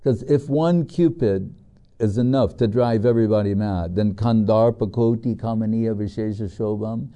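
A man's voice: lowish voice, normal speed, dark tone. A middle-aged man giving a devotional scripture talk, telling stories in a chatty way with many fillers. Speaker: spiritual teacher. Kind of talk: devotional scripture lecture with anecdotes.

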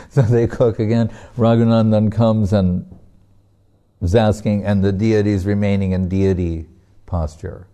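Male devotional preacher, very slow delivery, deep dark mellow tone, storytelling sermon, chuckles between lines. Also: fairly even intonation. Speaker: devotional speaker.

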